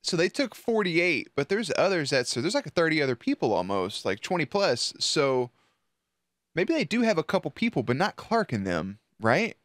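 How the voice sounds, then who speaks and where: A man reacts to a show with loose, profane commentary and cheers at the screen. His voice sits a little high and swings widely in pitch, jumping up whenever the action heats up. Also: huge pitch swings, moderate pace, fairly bright tone, no echo, studio quality. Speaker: reaction video host.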